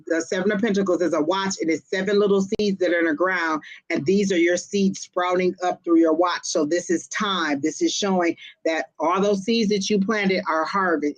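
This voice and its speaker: A woman reading tarot live for viewers, talking quickly and directly to her audience in a lively, chatty way. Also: on the low side, poor audio. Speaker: tarot and psychic reader.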